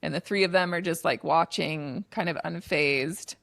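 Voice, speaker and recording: A woman's voice: low voice, moderate pace, gravelly, no room sound. A woman co-hosting a podcast, casually recapping a movie and acting out bits of dialogue. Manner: animated retelling, acts out quotes. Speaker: podcast co-host.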